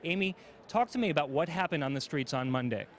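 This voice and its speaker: Male TV interviewer, measured newsreader delivery, slightly high pitch. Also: expressive. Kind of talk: broadcast interview questions. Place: outdoors at a convention.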